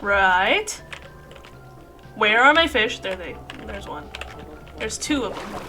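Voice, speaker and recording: A woman's voice: medium pitch, animated, takes it slowly, music in the background. A woman streamer rambling in casual chat while playing a game, swearing freely and laughing often.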